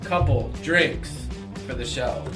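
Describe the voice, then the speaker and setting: A man co-hosting a podcast in casual chat, insistent and excitable. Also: medium pitch, slow. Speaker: podcast co-host. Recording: echoey room with music behind.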